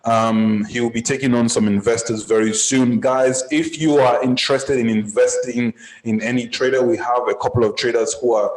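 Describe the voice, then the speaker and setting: A man from Nigeria coaching forex traders, chatting casually and giving upbeat shout-outs on a live group call. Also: mid-range voice, steady tone, normal speed, hardly any pauses. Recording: roomy echoey sound.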